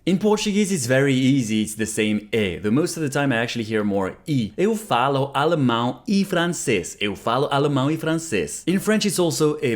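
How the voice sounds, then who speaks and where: A man narrating a casual language lesson, repeating phrases slowly after an app. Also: medium pitch. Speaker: language learner vlogger. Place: Canada.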